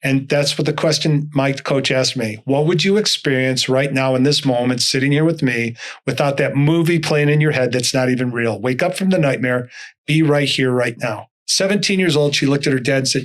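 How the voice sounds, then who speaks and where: A man's voice: medium pitch, brisk. An older man, a motivational speaker, telling stories as an interview guest and acting out the dialogue in them. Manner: animated, acts out dialogue in stories. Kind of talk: storytelling interview talk.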